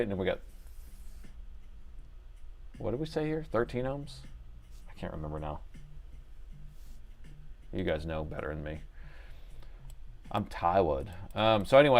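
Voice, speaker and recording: Male repair streamer, lower register, relaxed commentary that drifts between mumbling and addressing viewers. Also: normal speed, vocal fry, pauses often. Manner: muttering to himself, then chatty to viewers. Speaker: livestream repair host. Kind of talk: casual live commentary while repairing.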